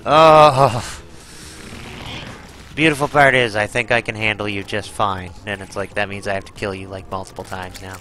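A man's voice: lowish voice, fairly even intonation, fast, few pauses, pushed and bright, a little hiss or hum, poor audio. A man giving live gameplay commentary, exclaiming, groaning and swearing as he fights a boss. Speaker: gaming channel host.

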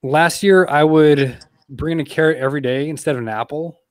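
An earnest man, a teacher, recounts classroom stories and pushes back against his friends' teasing. His voice sits a little high. The sound is dry. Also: fairly quick, clear, resonant tone, no room sound. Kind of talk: casual chat.

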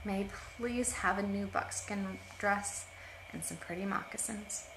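A woman reading a storybook aloud, voicing a gentle, humble young girl who asks softly and politely. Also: medium pitch, measured pace, noisy background, natural voice. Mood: hopeful. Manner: soft and polite. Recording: roomy echo.

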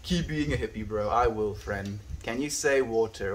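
A man's voice: medium pitch, moderate pace, few pauses, slight background noise. A man from South Africa with an Afrikaans first language, streaming outdoors and reading live chat aloud in a laid-back way, calling everyone his friend. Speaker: livestreamer. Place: outdoors on a windy day.

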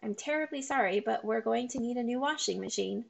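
A woman's voice: fairly high pitch, brisk, vocal fry, husky, exaggerated voice. A woman voicing a pleading, worried father. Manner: apologetic, pleading. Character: worried, polite immigrant father. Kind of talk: read-aloud of a children's novel.

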